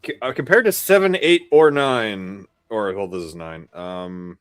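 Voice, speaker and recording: Deadpan dude on a podcast, talks real slow, dry sound. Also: male voice, fairly low pitch, clean tone, no echo. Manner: deadpan, joking one-liners. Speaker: podcast co-host. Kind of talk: casual chat.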